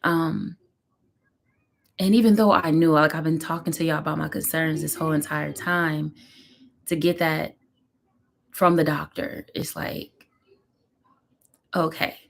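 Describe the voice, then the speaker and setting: Mom on a live vlog from home, low voice, open and emotional, lots of ums and likes. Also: female voice, steady tone, a little slow, creaky, long pauses. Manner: candid, emotional, rambling with fillers. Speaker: vlogger and mother. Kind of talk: casual live-stream chat.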